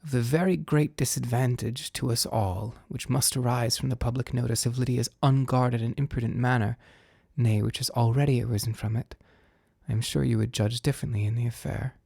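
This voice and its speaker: A man's voice: mid-range voice, fairly even intonation, fairly quick, creaky, warm tone, breathy edge, no echo, studio quality, voice pushed up. A man reading a sensible young woman pleading earnestly in a storybook.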